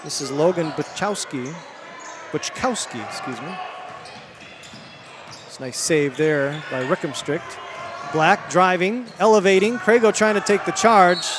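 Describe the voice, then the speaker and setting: A man with a high voice and a Michigan accent calls high school basketball play by play, rising sharply for big plays. Gym noise and bouncing balls fill the background. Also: fairly even intonation. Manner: quick play calling, rising for big plays, self-correcting names. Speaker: play-by-play announcer. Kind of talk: live basketball commentary.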